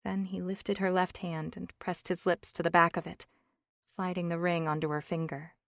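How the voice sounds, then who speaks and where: A woman narrating an audiobook in an even, measured reading. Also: fairly low pitch, vocal fry, dry recording, clean studio sound. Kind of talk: scripted narration.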